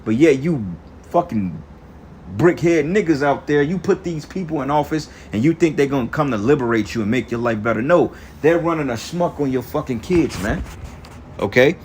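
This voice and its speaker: A man's voice: medium pitch, normal speed, a little mellow, a little hiss or hum. Angry profane preaching man. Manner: profane, fiery, reads verses then comments. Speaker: street preacher. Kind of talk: angry scripture-reading rant.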